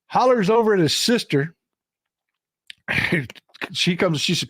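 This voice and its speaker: Hosting a live stream, a middle-aged man from Texas chats casually and emphatically, telling folksy tales in his Texan accent. His somewhat high voice moves at a moderate pace, captured in studio quality without any room sound.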